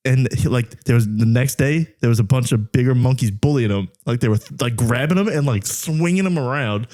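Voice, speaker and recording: A man's voice: mid-range voice, fairly quick, mellow. A man co-hosting a podcast in casual chat, telling stories with lots of fillers and frequent laughter. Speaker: podcast co-host.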